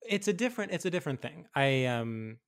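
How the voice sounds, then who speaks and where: A man co-hosting a comedy podcast in casual chat, talking in animated bursts with frequent restarts. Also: on the high side, brisk. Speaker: podcast co-host.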